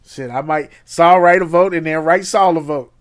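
A man co-hosting a podcast, chatting casually and profanely, often jumping into high mimicking voices. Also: normal speed. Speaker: podcast co-host. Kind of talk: casual chat.

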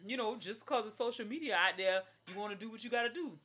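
A woman who talks fast in a bright voice. She co-hosts a casual chat and gives her opinions bluntly. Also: fairly high pitch, husky. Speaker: podcast co-host. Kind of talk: casual banter.

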